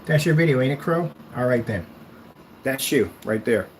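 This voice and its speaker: A man's voice: medium pitch, animated, normal speed, noisy background. A man who makes screen paint, delivering a sarcastic, rambling online rant that taunts a rival.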